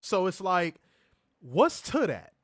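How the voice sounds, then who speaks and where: A man's voice: sits high, slow pace, no echo, studio quality. A man co-hosting a wrestling review podcast, talking casually with lots of profanity, jokes and teasing. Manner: profane, animated, joking, teasing. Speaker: wrestling show co-host.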